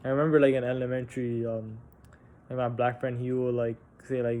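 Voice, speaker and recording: A young man casually telling a personal story on a vlog, halting and candid, with frequent restarts, fillers and casual swearing. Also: medium pitch, level tone, mellow. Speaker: vlogger.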